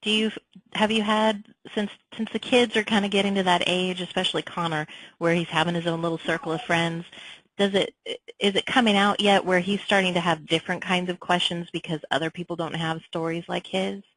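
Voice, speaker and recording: A woman hosts a webinar, listening closely and murmuring agreement as her guest talks. Her questions come out long and loosely strung together. Her voice sits a little low, and the sound is close and dry. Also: steady tone, a little fast, dry recording, rough recording. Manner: attentive, frequent soft backchannels, rambling questions. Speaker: webinar host, interviewer. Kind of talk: conversational interview. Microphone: webinar call mic.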